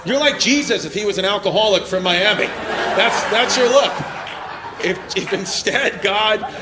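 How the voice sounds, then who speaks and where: A man's voice: high voice, a little slow. A male stand-up comedian doing crude, laughing crowd work on a comedy club stage with a handheld mic. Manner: brash, crude, laughing teasing of audience members. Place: comedy club stage before a live audience. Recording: live club recording with crowd laughter and noise.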